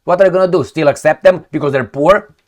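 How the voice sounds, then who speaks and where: A man's voice: on the high side, fast, darkish tone. A man hosting heated political commentary, sarcastic and indignant, firing off rhetorical questions.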